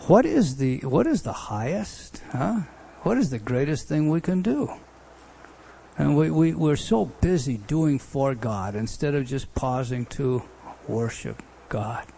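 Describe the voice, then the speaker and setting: A pastor teaching a Bible study gives an expository sermon in a conversational style, frequently restarting phrases and pressing certain words for emphasis. His mid-range voice is expressive, mellow, and slightly rough with vocal fry, delivered at a measured pace.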